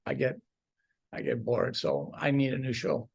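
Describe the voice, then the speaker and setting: Gravelly guy, tv director on a podcast, stops and restarts a lot. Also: mid-range voice, steady tone. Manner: halting, restarts, swears. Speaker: television director, guest. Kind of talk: casual interview chat.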